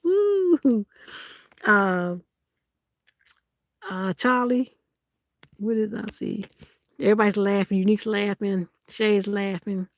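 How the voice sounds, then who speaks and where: A woman's voice: mid-range voice, steady tone, a little slow, pauses often, no room sound, clean studio sound. A woman hosting a live-stream sale in casual chat, teasing and laughing as she reads out viewers' comments.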